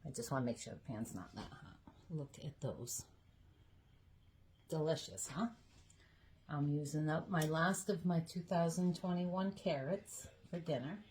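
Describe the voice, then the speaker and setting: A woman's voice: deep voice, normal speed, a little mellow, slight background noise. A woman from Georgia, chatting folksily to her viewers in her home kitchen. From Georgia, USA. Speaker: home cooking vlogger. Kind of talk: casual chatty cooking video.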